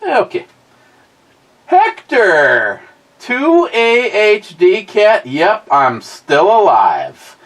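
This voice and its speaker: A man's voice: sits high, wildly swooping pitch, very slow, fairly bright tone, poor audio. A man, hosting a livestream in casual chat and reading out viewer comments in a rambling, blunt way with free swearing. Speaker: livestream host.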